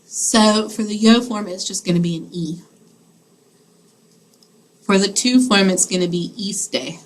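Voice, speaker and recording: Woman, slow deliberate pace, patient classroom teacher, faint room noise. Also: medium pitch, low-quality recording. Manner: patient, explains step by step, checks in with "okay?". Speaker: Spanish teacher. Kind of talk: classroom grammar lesson.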